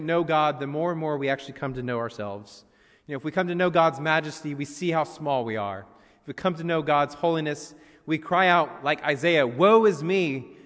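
Pastor, male, somewhat high voice, earnest conversational sermon delivery, recorded in a church with long reverb. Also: fairly bright tone. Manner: earnest, conversational preaching with frequent "you know" fillers.

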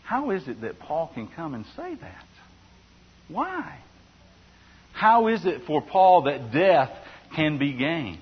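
A man's voice: fairly high pitch, big pitch swings, takes it slowly, long pauses, husky. A male pastor preaching a sermon in an earnest way, often restarting phrases and asking rhetorical questions. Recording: dull sound with long hall reverb.

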